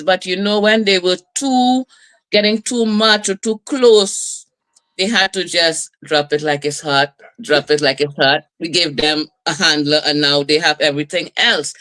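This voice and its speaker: Lively woman host, bright preachy talk. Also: medium pitch. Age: middle-aged. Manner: lively, preachy storytelling with laughs and asides. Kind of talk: community broadcast talk.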